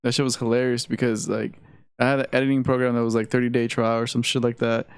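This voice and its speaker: Male podcast co-host, mid voice, relaxed profane chat, dry close sound. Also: medium pitch, fast, clean tone, dry recording. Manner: laid-back, profane, laughs often. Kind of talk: casual chat.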